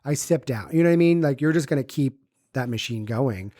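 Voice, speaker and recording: A man from the United States co-hosting a podcast, rambling through casual chat with plenty of swearing. His voice sits at a middle pitch and sounds dry and close, with no room echo. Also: brisk, warm tone. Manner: rambling, swears freely, acts out quoted voices. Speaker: podcast co-host.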